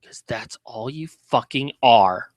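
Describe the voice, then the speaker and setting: A man's voice: medium pitch, lively intonation, slow, no room sound. A man hosting a commentary video, ranting in a heated, sarcastic way with heavy swearing.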